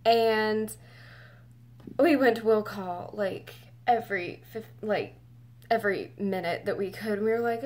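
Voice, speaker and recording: A woman's voice: mid-range voice, a little slow, darkish tone. Teary young woman telling her story. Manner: emotional, rambling, many fillers. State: close to tears. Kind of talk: casual personal storytelling.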